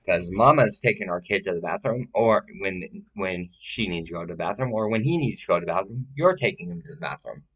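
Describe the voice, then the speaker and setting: A man's voice: sits low, animated, brisk, few pauses, fairly bright tone, husky, highs cut off. A man talking to the camera in a rambling personal monologue, profane and full of repeated, restarted phrases.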